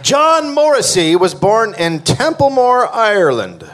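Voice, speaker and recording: A man's voice: sits high, unhurried. A man hosting a live comedy history podcast, reading a story aloud to his co-host and cracking jokes on stage. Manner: joking, animated storyteller. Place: live theater stage before an audience.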